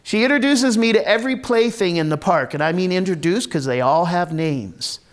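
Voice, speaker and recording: A man's voice: high-pitched, lively intonation, moderate pace. A man performing an autobiographical one-man stage monologue, wry, confessional and blunt, with frequent profanity. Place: theatre stage.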